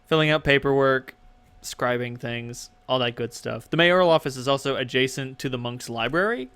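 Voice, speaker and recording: A man's voice: medium pitch, moderate pace, fairly bright tone, clear, resonant tone, no room sound. A man narrating as game master in a casual, joking manner, often stumbling over his words.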